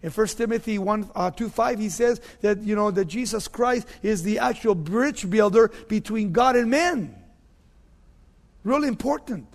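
A man preaching a sermon, emphatic, repeating key phrases and dropping to low, quiet tones. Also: normal speed, gravelly, long reverb tail.

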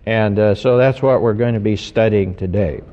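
A man, a pastor, giving an earnest sermon, slowing down to stress key words. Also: fairly low pitch, mellow. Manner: measured, earnest preaching with slowed emphasis. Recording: dull recording with long hall reverb.

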